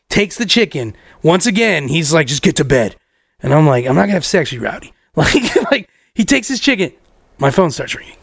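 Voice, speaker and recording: A young man hosting a podcast, telling a story in a profane, animated way and acting out the other people's lines. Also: a little high, brisk, gravelly, breathy edge, no room sound, clean studio sound. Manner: profane, acts out every voice in the story. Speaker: podcast host.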